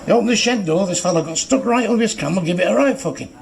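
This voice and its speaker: A man's voice: high voice, very fast, gravelly. A man doing stand-up comedy, telling bawdy, profane jokes and acting out the characters' voices. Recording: noisy archive recording.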